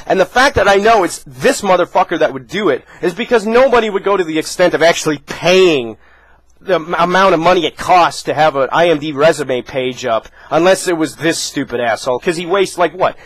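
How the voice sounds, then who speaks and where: A man's voice: high-pitched, a bit bright, no echo, poor audio. A man vlogging an angry, profane rant aimed at another person. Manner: furious, profane, confrontational.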